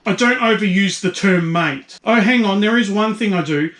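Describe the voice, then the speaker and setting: A man's voice: high-pitched, moderate pace, a bit bright, reverberant. An Australian man delivering a blunt, profane and mocking comedic rant as a YouTube commentator.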